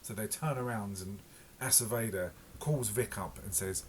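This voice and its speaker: A man's voice: on the low side, moderate pace, a little hiss or hum. A man reviewing a TV episode in casual, rambling talk full of fillers and self-corrections. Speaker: podcast reviewer.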